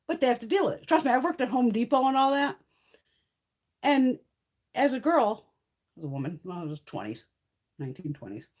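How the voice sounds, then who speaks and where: A woman in her fifties chatting casually on a live stream, blunt, profane and animated. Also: a little high. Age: 50s. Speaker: beauty livestream host.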